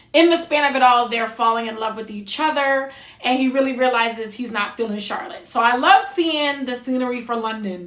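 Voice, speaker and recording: Sassy, bright-voiced woman reviewing movies. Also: sits high, reverberant. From New Jersey. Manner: sassy, blunt, chatty. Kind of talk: casual review monologue.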